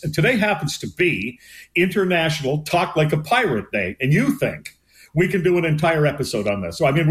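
An older veteran broadcaster hosting a casual talk show, relaxed and joking. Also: male voice, a little high. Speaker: radio host.

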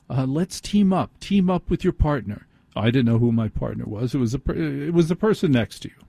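Husky, warm-voiced late-night radio host. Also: male voice, mid-range voice, no room sound. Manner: self-deprecating storytelling. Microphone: studio microphone.

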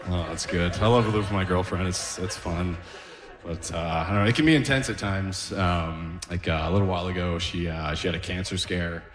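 A man's voice: low voice, fairly quick. A man in his thirties doing a rambling, self-deprecating stand-up set, often chuckling at his own jokes. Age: 30s. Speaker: stand-up comedian. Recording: roomy reverberant room.

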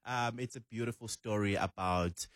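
A man's voice: fairly low pitch, moderate pace, a bit bright, dry recording, clean studio sound. A young man from South Africa, a guest in a casual chat who laughs often and talks with animation. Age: young adult.

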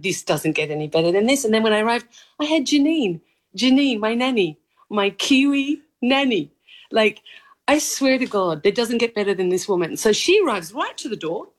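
A woman in her thirties with a mild Australian accent, an actress talking eagerly in an interview and laughing often. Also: on the high side. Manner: bubbly, laughs often, gushing. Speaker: actress guest. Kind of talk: animated interview chat.

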